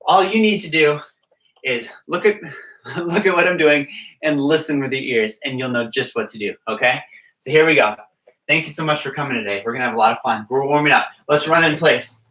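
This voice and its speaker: Bright, upbeat coach in an echoey room. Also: male voice, medium pitch, fairly quick, far from the mic. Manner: upbeat, coaxing, checks in with "all right?". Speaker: gymnastics coach. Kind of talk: online kids' exercise class. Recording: echoey room, away from the mic.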